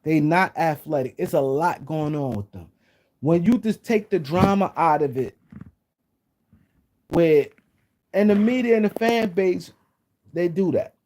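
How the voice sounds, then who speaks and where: Mellow-voiced man ranting on a live stream. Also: on the high side, animated, measured pace, pauses often. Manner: rambling, repeats himself, speaks to chat viewers. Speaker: sports talk show host. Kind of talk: casual live-stream commentary.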